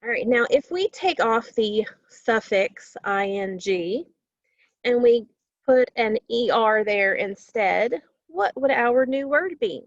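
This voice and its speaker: Slow, patient woman teaching phonics. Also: fairly high pitch, animated, no room sound, highs cut off. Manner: slow, stretches out sounds and syllables. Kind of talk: phonics lesson for young children.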